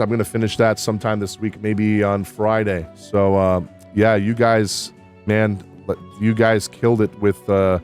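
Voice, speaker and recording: A man reviewing a video game update in casual, candid talk, excitable and quick to swear. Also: lowish voice. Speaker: gaming YouTuber.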